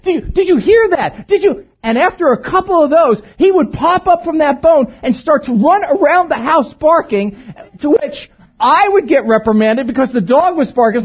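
Male pastor, animated husky storyteller, slightly muffled recording. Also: very high-pitched. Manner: storytelling with humor, swinging between hushed and loud. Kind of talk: sermon.

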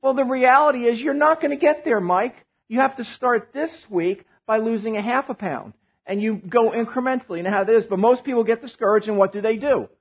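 A man preaching a sermon as pastor, animated and joking, telling stories to his church. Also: extremely high pitch, a little fast, slightly rough, dull audio. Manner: animated, joking storyteller who drops to a hushed tone in prayer.

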